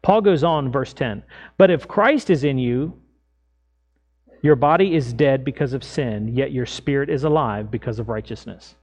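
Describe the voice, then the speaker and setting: A middle-aged man preaching as a pastor, telling everyday stories in a lively way and acting out his own lines. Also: mid-range voice, normal speed, lo-fi sound. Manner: animated storytelling, acts out his own lines loudly. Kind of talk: sermon with personal stories.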